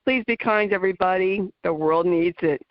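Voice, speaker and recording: A woman's voice: on the low side, moderate pace, dry recording, muffled recording. A woman hosting an internet talk radio show, speaking earnestly as she advocates and signs off. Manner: earnest, advocating, with small laughs. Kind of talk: casual talk radio sign-off.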